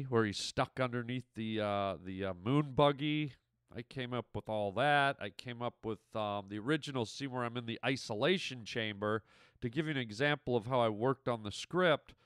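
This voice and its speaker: A man's voice: medium pitch, fairly bright tone, clean tone, dry recording, clean studio sound. A man, an actor and comedian, telling a rambling, playful story in a casual recorded message.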